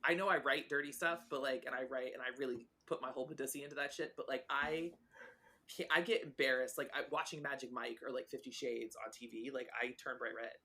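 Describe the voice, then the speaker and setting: A woman's voice: very deep voice, steady tone, fairly quick, pushed and bright, husky. A woman in her forties, a guest author chatting casually on a podcast, telling stories animatedly, acting out the dialogue and swearing freely.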